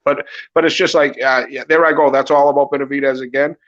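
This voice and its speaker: A man's voice: medium pitch, fast talker. A man in casual chat on a podcast, rambling and swearing freely as he talks. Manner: rambling, profane, animated. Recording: muffled lo-fi audio.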